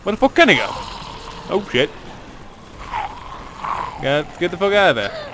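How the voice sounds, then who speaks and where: A man's voice: sits high, sing-song, unhurried, background noise. A man giving crude, sarcastic, joking commentary while playing a game. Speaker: let's play gamer. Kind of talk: casual gaming commentary.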